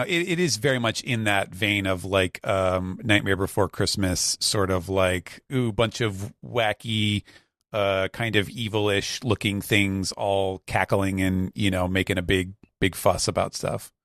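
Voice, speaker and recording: A man with a low voice explains things to the hosts in a relaxed, thoughtful way. His speech is unhurried and recorded dry on the mic. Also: dry recording. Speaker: guest translator. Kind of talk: casual podcast chat.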